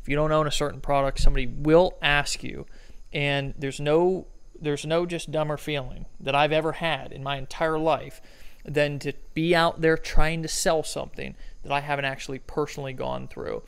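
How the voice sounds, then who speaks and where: A man's voice: on the high side, fairly even intonation, normal speed, vocal fry, smooth, rough recording. A man co-presenting a sales training, pressing his point with emphasis. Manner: emphatic, drives the point home.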